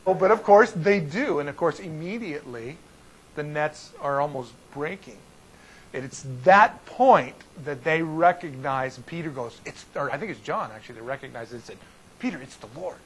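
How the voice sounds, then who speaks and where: A man teaching as a pastor in an informal Bible study, talking in a folksy, animated way and often restarting his sentences. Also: a little high, normal speed, breathy edge, rough recording.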